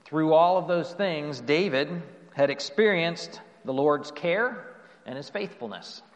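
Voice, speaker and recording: A fairly high-voiced man delivering a sermon in a church, his words carrying a long hall reverb. He preaches earnestly, lifting his questions and letting his endings trail off softly. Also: lively intonation, slow pace. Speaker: pastor.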